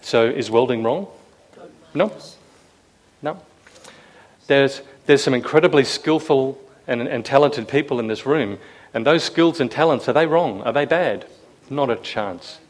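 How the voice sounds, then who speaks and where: A man's medium-pitched voice runs a little slow as he preaches to a room of listeners. His sermon is easygoing and conversational; he regularly questions the audience and acts out quotes with a louder voice.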